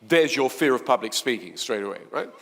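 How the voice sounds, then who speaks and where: Male seminar speaker, animated, hall reverb. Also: mid-range voice, brisk. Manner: chatty, animated, playful, swings between soft and loud. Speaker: motivational speaker. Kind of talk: live seminar talk to an audience.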